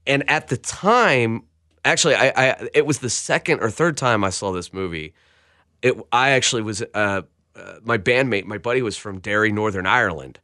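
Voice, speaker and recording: A man hosting a casual podcast chat about a film, jokey and animated, often restarting his sentences. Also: fairly low pitch, moderate pace, no room sound, studio quality. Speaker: podcast host.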